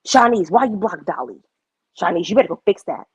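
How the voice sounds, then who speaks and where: Husky, lively young woman streamer. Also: lowish voice, fairly quick, dry recording. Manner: animated, blunt, frequent cursing. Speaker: livestreamer. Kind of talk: casual livestream chat.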